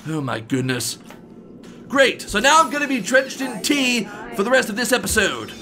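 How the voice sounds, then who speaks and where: A man as a fussy, bright toy bear gentleman. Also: very high-pitched, very animated, moderate pace, faint music behind, exaggerated voice. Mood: chatty. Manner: exclamatory, fussy, addresses people as sir. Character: polite gentleman toy bear animatronic, tea-loving. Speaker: let's-play host. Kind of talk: gameplay commentary in character.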